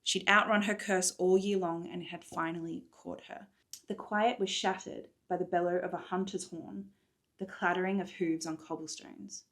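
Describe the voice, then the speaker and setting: A woman's voice: on the low side, steady tone, normal speed, fairly bright tone. A woman, an author enthusiastically recapping and reading from her own book, recorded in a hotel room. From Australia. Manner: enthusiastic, chatty, with laughs. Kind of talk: chatty readalong recap mixed with book reading.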